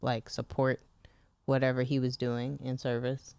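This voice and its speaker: Give me a talkative woman co-hosting a podcast, laughing easily, smooth voice. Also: a bass voice, little pitch movement, unhurried, darkish tone, no echo. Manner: chatty, laughing, lots of fillers. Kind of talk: casual chat.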